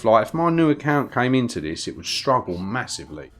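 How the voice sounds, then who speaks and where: A man's voice: medium pitch, very animated, fairly quick, few pauses, faint music behind. A man with a London accent giving chatty, rambling gameplay commentary on a live stream and greeting viewers in the chat as he plays. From London, England.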